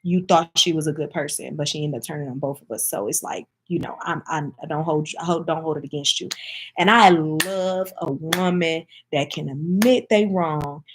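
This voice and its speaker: A woman's voice: low-pitched, normal speed, husky. A woman from Michigan chatting casually to camera as a vlogger, speaking in an emphatic, heartfelt way and addressing her viewers directly.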